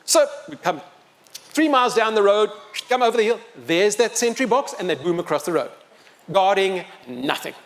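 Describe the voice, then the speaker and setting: Animated male storyteller, high lively voice. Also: moderate pace. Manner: animated, acts out the people in his story. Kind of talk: live talk-story to an audience. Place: open-air pavilion.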